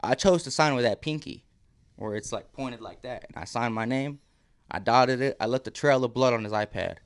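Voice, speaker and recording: A man's voice: mid-range voice, moderate pace. A man, a podcast guest, telling a story casually, acting out quotes and laughing often.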